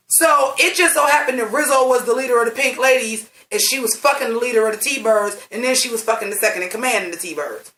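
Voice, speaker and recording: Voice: medium pitch, fairly quick, sharp tone. Blunt, profane reviewer in a roomy space. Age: late 30s. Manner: blunt, profane, rambling and emphatic. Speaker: movie reviewer. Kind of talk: casual vlog review. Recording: roomy sound from a distant mic.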